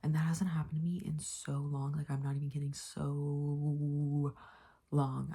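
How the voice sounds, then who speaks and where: A young woman with a low, flat voice, gravelly with fry and a husky edge, gushing and rambling about her reading at home. She talks in loose, excited run-on sentences full of filler, like a casual vlog to her viewers. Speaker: booktuber.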